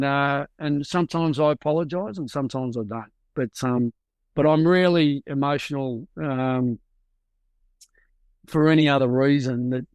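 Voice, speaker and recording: A man's voice: mid-range voice, no echo. Middle-aged Australian male coach, candid and reflective, medium voice, dry recording. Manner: reflective and open, searching for words. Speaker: football coach, guest. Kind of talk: candid interview answers.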